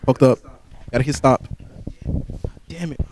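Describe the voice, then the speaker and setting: A man's voice: mid-range voice, a little slow, a little hiss or hum. A man co-hosting a podcast, bantering crudely and joking in casual chat. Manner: animated, jokey, profane. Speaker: podcast co-host.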